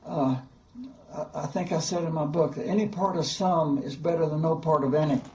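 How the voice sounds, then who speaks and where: Halting older man in a roomy room. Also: fairly high pitch, warm tone. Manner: halting, repeats words at the start. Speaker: interviewee. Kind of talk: interview answers. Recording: roomy, dull archive interview audio.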